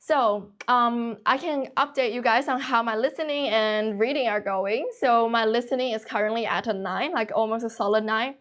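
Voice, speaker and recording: A young woman in her late teens hosting a casual livestream, talking quickly and continuously with few pauses. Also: on the high side, a bit bright. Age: young adult. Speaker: livestream host teaching English.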